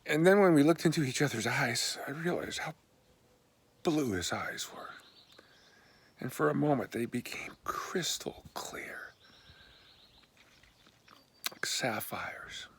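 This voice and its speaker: A man telling a personal story in an earnest, candid and heartfelt way, often dropping to a hushed half-whisper. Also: medium pitch, expressive, slow pace, vocal fry, long pauses.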